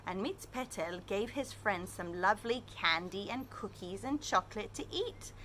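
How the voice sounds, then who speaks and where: A woman's voice: medium pitch, normal speed, a little hiss or hum. A woman reading a picture book aloud to children, then teaching them new words with lots of questions. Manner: animated, asks children questions. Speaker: children's storyteller and Hebrew teacher.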